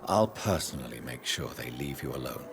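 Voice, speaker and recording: An actor playing a composed male doctor who questions a patient in a measured, polite way. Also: a bass voice, expressive. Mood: calm. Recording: game audio with music behind.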